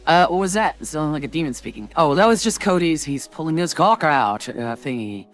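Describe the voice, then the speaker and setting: Young guy streaming games, voice jumps all over, lots of uh and like, quiet music behind. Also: a little high, fairly quick. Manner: animated, laughs often, rambling with fillers. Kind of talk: casual gaming stream chat.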